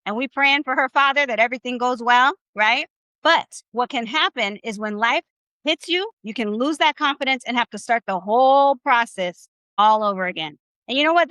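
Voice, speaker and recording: An upbeat woman leads a live online class, cheering her students on in casual, slangy talk. Her voice is quite bright and forceful and sits a little high. The sound is dry and close, with no room echo. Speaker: Spanish teacher.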